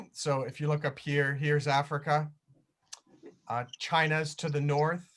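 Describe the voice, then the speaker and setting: A man's voice: fairly high pitch, fairly even intonation, unhurried. Chatty upbeat man hosting a call. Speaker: host of a virtual tour. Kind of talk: casual chat on a video call.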